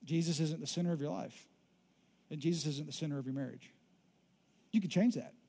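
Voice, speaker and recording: A man in his thirties preaching a sermon as pastor, emphatic and swinging from loud declarations to hushed, intimate lines. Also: on the high side, brisk, husky.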